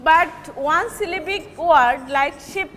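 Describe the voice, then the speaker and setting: A woman teacher with a Bangladeshi accent giving a recorded English lecture, repeating and stressing example words deliberately. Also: high voice, fairly bright tone, big-room sound, slight background noise.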